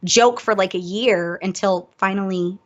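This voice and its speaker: A woman chats on a podcast and tells a story against herself, lively and laughing at her own blunders. The audio is dull and lo-fi, as if through a cheap mic. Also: mid-range voice, measured pace. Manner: animated, self-mocking, laughs through the story. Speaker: podcast guest. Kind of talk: casual storytelling chat.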